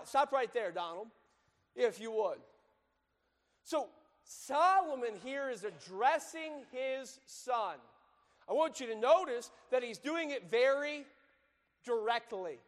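A male pastor giving an earnest sermon, reading scripture aloud in a measured cadence and then explaining it to the congregation. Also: very high voice. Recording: long hall reverb.

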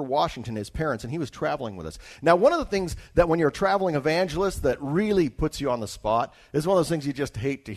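A medium-pitched man from Alaska, United States, who works as a traveling evangelist tells a personal testimony story in a conversational manner, with restarts and asides directed at his listeners.

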